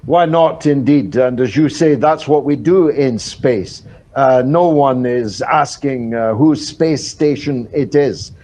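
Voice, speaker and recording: An older man giving a wry, rhetorical answer as a guest in a live news interview, filling his pauses with "uh". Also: medium pitch, mellow. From Britain. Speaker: political commentator guest.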